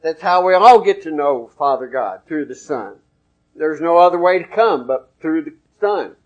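This man preaches at a normal speed in a laid-back, homespun, chatty style, naming the book, chapter and verse as he goes. For a male voice he pitches fairly high, and the audio has its high frequencies cut off.

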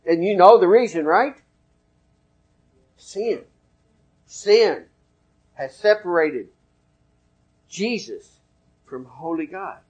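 This preacher, a man with a fairly high voice, moves slowly and pauses often, sounding husky on a muffled recording. His sermon is relaxed, folksy and conversational, peppered with chapter-and-verse citations.

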